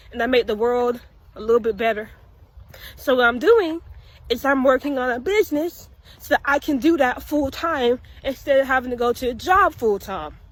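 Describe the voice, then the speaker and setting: A woman giving an earnest, encouraging motivational talk in a casual, slangy way. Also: high-pitched. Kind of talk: motivational vlog.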